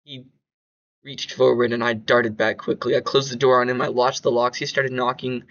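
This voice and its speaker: A man's voice: mid-range voice, little pitch movement, normal speed, fairly bright tone, muffled recording. A man narrating his own horror story in an amateur reading, with slips and restarts.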